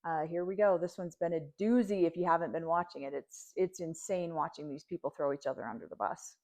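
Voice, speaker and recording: A woman co-hosting a podcast, reacting to a reality show with animated, indignant, exasperated commentary. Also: deep voice, brisk. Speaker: podcast co-host.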